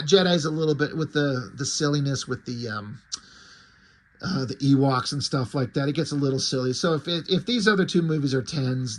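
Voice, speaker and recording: A man's voice: medium pitch, fairly bright tone. Casual, swearing comic reviewer, man. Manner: casual and profane, with many fillers. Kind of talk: casual chat.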